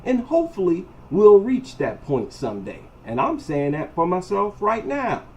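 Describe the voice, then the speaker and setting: A man's voice: sits high, huge pitch swings, normal speed, low-quality recording. A man giving a heated, mocking opinion monologue as a commentator. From United States. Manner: combative, mocking, emphatic.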